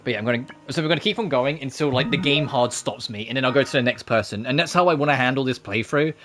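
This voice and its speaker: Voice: mid-range voice, fast talker, fairly bright tone. A streamer giving casual, rambling commentary on a game playthrough, with lots of fillers and self-deprecating asides.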